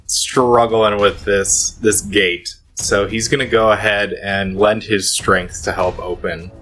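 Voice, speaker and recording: A man's voice: lowish voice, steady tone, slow pace, a bit bright, soft background music. Man playing a tabletop game. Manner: explaining his character's actions. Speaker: player. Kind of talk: tabletop play.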